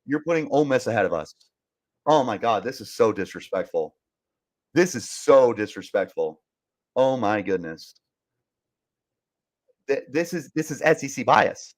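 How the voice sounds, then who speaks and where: A man's voice: medium pitch, big pitch swings, moderate pace, pauses often. A young man hosting a sports podcast, ranting emphatically and repeating himself in frustration as he reads live comments. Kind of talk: fired-up sports talk, reading live comments.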